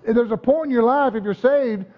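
A pastor preaches emphatically in a very high-pitched, fairly quick voice, often asking the congregation "amen?" and "right?" The recording is dull and muffled, with long hall reverb.

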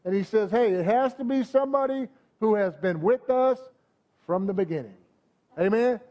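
A man's voice: high-pitched, moderate pace, highs cut off. A man preaching a sermon, talking conversationally and often asking the congregation "amen?". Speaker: pastor.

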